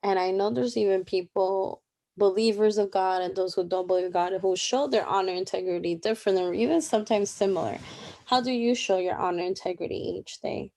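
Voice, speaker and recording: The presenter of a Bible reading plan, a young woman, gives a casual, chatty commentary on the daily reading with many asides. Her medium-pitched voice is creaky and dark, with fairly even intonation and a brisk delivery.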